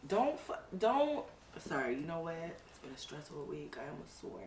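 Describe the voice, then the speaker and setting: A woman co-hosting a podcast from her home, talking in a relaxed, somewhat hesitant way. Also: deep voice, moderate pace. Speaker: podcast co-host. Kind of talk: casual chat. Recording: roomy and distant with faint hiss.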